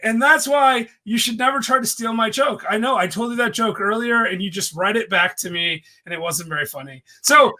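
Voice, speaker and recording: A man co-hosting a podcast, chatting casually and telling jokes in an animated way. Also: high-pitched, a little fast, hardly any pauses. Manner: joking, animated storyteller. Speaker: podcast co-host. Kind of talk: casual chat.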